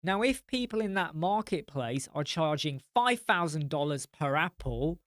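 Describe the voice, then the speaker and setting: A man's voice: a little high, animated, normal speed, few pauses, fairly bright tone, no echo, clean studio sound. A man hosting a casual live stream, chatting freely and answering viewer comments, often thinking aloud with ums and asides.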